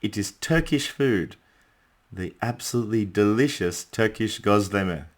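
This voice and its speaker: A man teaching a beginner English lesson, speaking deliberately and adding small friendly asides. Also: on the low side, expressive. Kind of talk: beginner language lesson narration.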